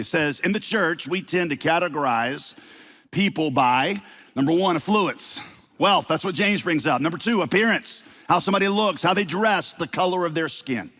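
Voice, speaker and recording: A middle-aged man with a slight Southern accent, preaching a sermon to his congregation with lively delivery and playful asides. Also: fairly high pitch. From Southern United States. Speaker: pastor.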